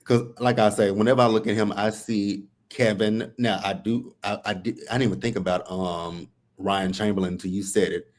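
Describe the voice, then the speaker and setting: A man co-hosting a soap opera recap livestream, laid-back and quick to laugh. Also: on the low side, fairly even intonation, darkish tone. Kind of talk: casual livestream chat.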